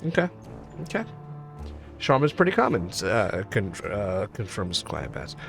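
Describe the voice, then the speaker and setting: Man, casual gaming stream chat, gravelly voice, lively pitch, rambling. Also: a little slow, faint music behind. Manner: rambling, self-correcting, jokey. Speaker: streamer playing a game.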